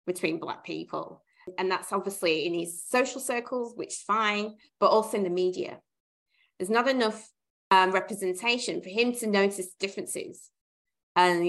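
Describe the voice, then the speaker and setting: A woman's voice: mid-range voice, vocal fry, fairly bright tone. A woman co-hosting a podcast, thinking aloud and correcting herself as she reasons through a question. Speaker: podcast co-host. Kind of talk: casual podcast discussion.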